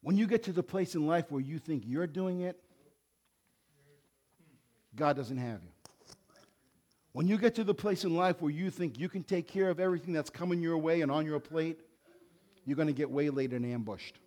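A man in his sixties, a pastor, preaching with emphatic swells and soft conversational asides. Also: a little high, moderate pace, long pauses. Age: 60s. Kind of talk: sermon.

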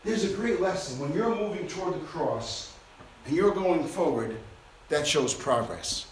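A man preaching a sermon to a responsive congregation, impassioned and swinging between loud exhortation and hushed intensity. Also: on the high side, lively intonation, measured pace, slight background noise. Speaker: pastor. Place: church sanctuary with congregation. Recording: roomy church reverb.

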